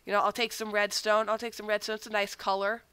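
A woman's voice: mid-range voice, little pitch movement, fast talker, a bit bright, clear, resonant tone, dry recording. A young woman with a cold, rambling through casual gameplay commentary with self-mocking asides that keep sidetracking her. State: has a cold. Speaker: gaming channel host.

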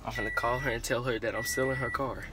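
Young dude vlogging a prank, nervous and chatty, noisy phone audio, regular pitch voice. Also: male voice, fairly even intonation, fast. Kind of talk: casual vlog talk to camera. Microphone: phone camera.

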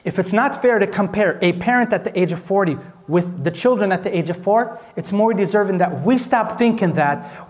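High-voiced American sheikh lecturing. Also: male voice, moderate pace, hardly any pauses. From Minnesota, USA. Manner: asks the audience rhetorical questions, animated and joking. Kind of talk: conversational Islamic lecture.

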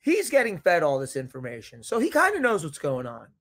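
Young man, casual guest chat, fairly high voice, lively storytelling. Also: brisk. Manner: animated storyteller, quotes others in lively voices. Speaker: podcast guest, reality show contestant.

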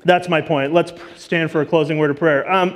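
A man's voice: a little high, steady tone, normal speed, background noise. A man giving a casual, chatty sermon as a guest teacher, full of asides and fillers. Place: church auditorium. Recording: long church reverb.

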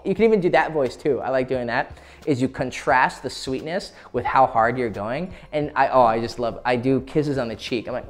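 A man's voice: medium pitch, moderate pace. Crude, laughing man giving dating advice. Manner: crude, profane, laughs often. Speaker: dating coach. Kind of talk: casual instructional talk.

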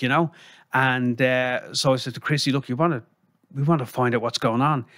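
A man's voice: medium pitch, fairly even intonation, normal speed, a bit bright, dry recording, studio quality. An Irish man, a guest on a casual interview, telling rambling anecdotes and acting out the people he quotes.

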